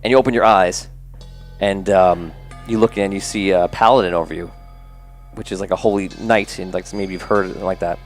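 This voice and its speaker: A man's voice: sits low, steady tone, moderate pace, soft background music. A man narrating a tabletop game as game master, rambling with lots of fillers. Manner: rambling, filler-heavy, laughing.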